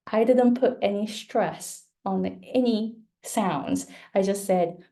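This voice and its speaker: A woman's voice: mid-range voice, lively intonation, dark tone. A Japanese woman with a Japanese accent, a pronunciation coach patiently modeling words in a live lesson. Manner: slow, patient, models words for learners to repeat.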